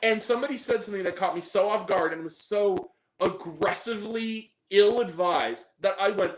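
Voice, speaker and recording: A man giving a casual film review, animated, laughing often and acting out scenes in lively quoted voices. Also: high voice, moderate pace. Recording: echoey room with faint noise.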